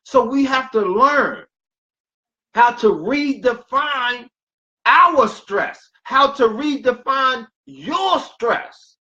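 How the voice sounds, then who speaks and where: A man's voice: very high voice, animated, extremely slow, bright, forceful tone, highs cut off. A man giving a motivational health talk as a wellness coach, preacherly and repetitive, with emphatic bursts.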